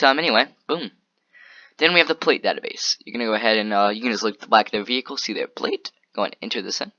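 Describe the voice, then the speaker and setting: A young man recording a casual software tutorial, talking offhand and rambling, with frequent interjections. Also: lowish voice, dry recording, muffled recording. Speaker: tutorial maker.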